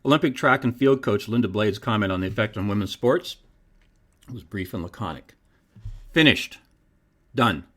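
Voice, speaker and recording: A man hosting his own podcast, reading scripted commentary in an emphatic, preacherly way. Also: brisk. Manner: emphatic, preacherly delivery with wide pitch swings. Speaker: podcast host.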